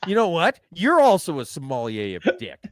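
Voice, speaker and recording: Sarcastic talk show host, fairly high voice. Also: male voice, wildly swooping pitch, normal speed, no room sound. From Alberta. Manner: sarcastic, reads headlines aloud, teasing. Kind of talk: casual news chat.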